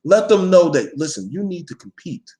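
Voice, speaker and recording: In a live monologue aimed at his viewers, a vlogger delivers a preachy, foul-mouthed, no-nonsense rant, pressing his case and calling people out. He speaks at a moderate pace in a warm, high voice with big swings in pitch.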